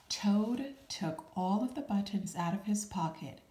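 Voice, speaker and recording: A woman reading a children's storybook aloud, calm and unhurried, adding small asides. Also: mid-range voice. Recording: roomy echo.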